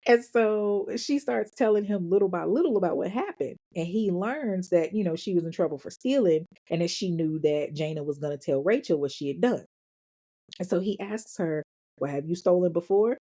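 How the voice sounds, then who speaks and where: A woman's voice: on the low side, lively intonation, normal speed, dark tone. Sassy, profane woman podcast host. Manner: profane, sassy, acts out quotes. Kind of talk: casual true-crime storytelling.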